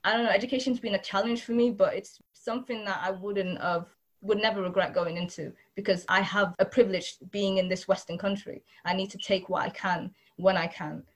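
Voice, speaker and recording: A young woman with a British accent speaks quickly and earnestly. She presses her points home in emphatic, repeated lists, with her voice sitting in a middle range. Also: medium pitch. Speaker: panel speaker. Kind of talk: personal testimony.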